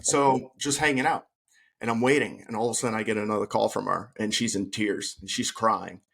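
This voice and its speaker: A man's voice: on the low side, fairly even intonation, brisk, creaky, a bit bright, slightly rough. A man who is a podcast guest, telling his own story earnestly in a conversation and acting out the things people said. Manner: earnest, retells scenes by acting out quoted speech.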